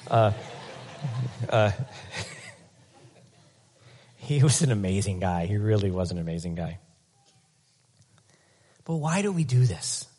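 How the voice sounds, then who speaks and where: This male pastor's voice sits on the low side, and he takes his time with long pauses. His sermon is animated and conversational, with comic asides and frequent repeated words as he rephrases.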